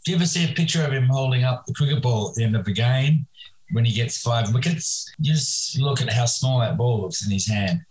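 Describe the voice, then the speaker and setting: A man in his sixties, a podcast guest, reminiscing in a rambling, halting way with many restarts. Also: medium pitch, darkish tone, rough recording. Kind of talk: remote podcast interview.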